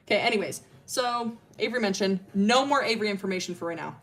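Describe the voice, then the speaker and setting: Young female streamer, mid-pitched, loose and chatty storyteller who swears and giggles. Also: expressive, fast talker, few pauses, a bit bright. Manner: rambling, filler-heavy, swears and laughs often. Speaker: streamer telling character lore. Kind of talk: casual storytelling.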